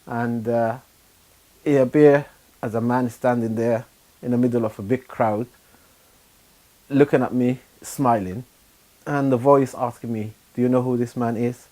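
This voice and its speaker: A middle-aged man from Sudan, giving a personal testimony in a halting, unhurried way with frequent pauses and fillers. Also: medium pitch, steady tone, mellow. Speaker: churchgoer giving his testimony.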